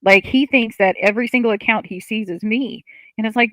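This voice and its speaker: Her voice sits fairly high, brisk and fairly bright, captured in a low-quality recording with no echo. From her seat at home she runs a casual livestream, reading viewers' comments aloud and responding openly and chattily, with many fillers and plenty of laughs.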